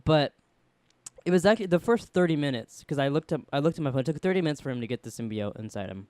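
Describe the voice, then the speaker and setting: A man's voice: a little high, lively intonation, darkish tone, clear, resonant tone, no room sound. A man co-hosting a podcast in casual chat, rambling and swearing with many restarts. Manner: fast rambling, profane banter with restarts. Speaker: podcast co-host.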